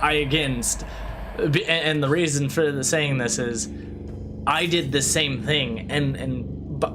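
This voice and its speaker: Ranting male streamer, swears freely. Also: a little high. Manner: ranting, animated, swears freely, restarts sentences. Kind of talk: casual livestream chat over gameplay.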